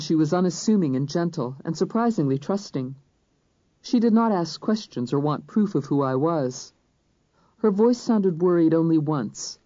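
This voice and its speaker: An audiobook narrator reading a crime thriller in first person, measured and even. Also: medium pitch, no room sound. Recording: dull, dry studio recording.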